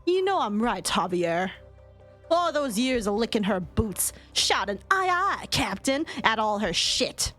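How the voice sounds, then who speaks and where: A woman's voice: fairly high pitch, very animated, measured pace, fairly bright tone, faint music behind, voice pushed down, heavily acted. A woman voicing a bitter young man in a game story, taunting and scornful. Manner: mocking, scornful.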